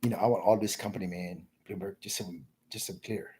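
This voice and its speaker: A man rambling in crude off-the-cuff commentary, mumbling and trailing off into low asides. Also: fairly even intonation, fast, darkish tone, breathy edge. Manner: crude, rambling, self-interrupting.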